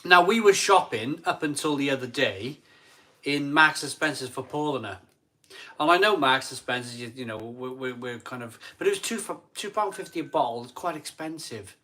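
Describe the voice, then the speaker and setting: Bright-voiced chatty English man host. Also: medium pitch, lively intonation, normal speed. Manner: chatty, stumbling restarts, eager pleas for likes. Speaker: live stream host. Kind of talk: casual live stream chat.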